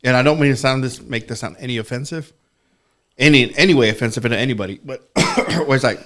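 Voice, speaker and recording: Young guy guest on a podcast, easygoing, curses casually, middle-pitched voice. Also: quick pace, a bit bright. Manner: laid-back, swears casually. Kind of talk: casual chat.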